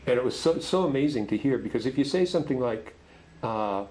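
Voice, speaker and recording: A middle-aged man leading a men's group tells a story gently, with halting restarts. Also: mid-range voice, lively intonation, rough recording. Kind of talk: storytelling talk.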